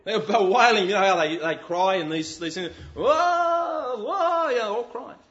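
A man preaching a sermon, animated and full of rhetorical questions. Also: high voice, fairly quick, muffled recording.

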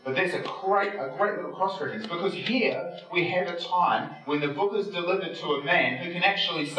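Man preaching a casual Bible study, miked from afar in a booming room, faint music underneath. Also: animated, a little fast, few pauses, a bit bright, roomy sound, recorded from a distance, rough recording. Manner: asks the listeners rhetorical questions; folksy, chatty, with frequent fillers. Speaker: Bible teacher. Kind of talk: conversational Bible study sermon.

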